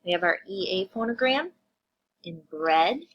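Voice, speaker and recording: A woman teacher reviewing vocabulary and phonics with young children, sounding words out slowly and asking them questions. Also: on the low side, expressive, a bit bright, muffled recording. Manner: slow, drawn-out phonics sounding-out, addressing kids.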